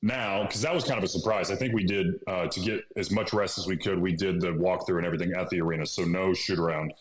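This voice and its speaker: Deep-voiced man telling a story. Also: fast talker. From Illinois, USA. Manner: animated, acts out dialogue, laughs often. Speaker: podcast guest. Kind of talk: casual interview storytelling. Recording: echoey room.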